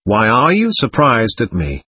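A proud, irritable young gentleman, read by a man, abrupt and sullen. His husky voice swings in pitch. The sound is dry and close. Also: huge pitch swings, measured pace, no echo, heavily acted.

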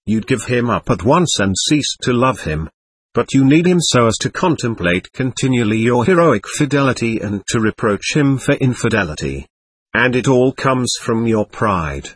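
A man's voice: mid-range voice, husky. A man voicing a proud, bitter young man saying a wounded farewell, cold and reproachful.

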